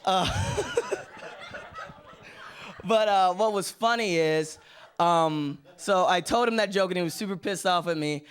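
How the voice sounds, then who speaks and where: A man's voice: on the high side, smooth. A man doing a stand-up comedy set in an offhand way, with fillers and trailing asides. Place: comedy stage before a live studio audience.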